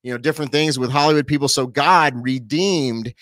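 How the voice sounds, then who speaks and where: A man in his forties, a pastor telling his personal testimony as an interview guest, animated and quick with asides. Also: mid-range voice, no room sound. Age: 40s. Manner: animated storyteller, quick asides, laughs easily.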